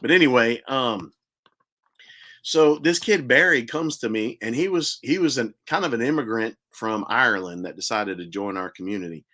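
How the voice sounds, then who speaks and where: A man's voice: mid-range voice, moderate pace, pushed and bright. An older man hosting a podcast, telling a long, chatty personal story and laughing at his own tales. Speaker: podcast host.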